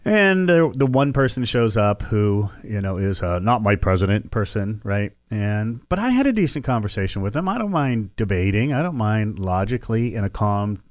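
A man hosting a political talk show, giving animated, opinionated commentary and mocking his opponents. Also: fairly low pitch, moderate pace, hardly any pauses, dry recording, studio quality.

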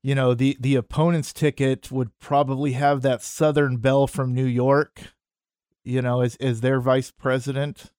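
A man co-hosting a talk radio show, conversational and wry, often chuckling. His mid-pitched voice is recorded dry and close on a studio mic. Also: level tone, moderate pace, darkish tone, clean tone, no echo. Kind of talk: casual political talk radio chat.

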